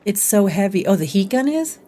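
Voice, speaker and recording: A woman's voice: mid-range voice, sing-song, a little fast, warm tone, slight background noise. Chatty middle-aged woman streamer. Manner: chatty, laughs often, reads chat aloud. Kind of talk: casual gameplay livestream chat.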